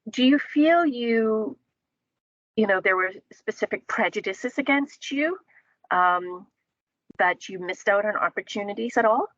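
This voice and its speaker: A woman's voice: mid-range voice, animated, a little slow, fairly bright tone, dry recording, dull audio. A woman from the Caribbean talking in a casual panel discussion, thoughtful and full of fillers and restarts.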